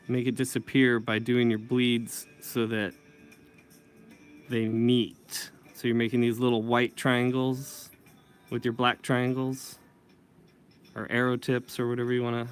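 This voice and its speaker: A man's voice: medium pitch, level tone, unhurried, a bit bright, faint music behind. A man teaching comic inking in a casual tutorial, thinking aloud and correcting himself as he works. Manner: thinking aloud while working, self-correcting. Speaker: comic book inker.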